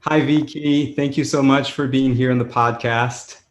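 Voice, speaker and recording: A man's voice: medium pitch, steady tone, unhurried, faint music behind. Male podcast host in an echoey room. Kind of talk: podcast intro and casual interview.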